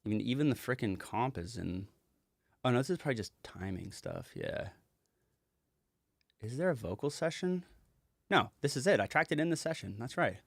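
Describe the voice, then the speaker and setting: A man's voice: mid-range voice, animated, normal speed, vocal fry, pauses often, no room sound, clean studio sound. A man casually walking through a song's production session as a music producer, chatty and rambling and swearing now and then.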